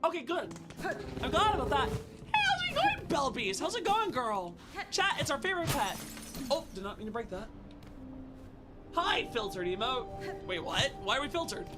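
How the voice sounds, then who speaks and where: Excitable young woman streamer. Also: high-pitched, normal speed, pauses often, over loud music. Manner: excitable, shouts and exclaims at the game. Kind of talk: live gameplay commentary.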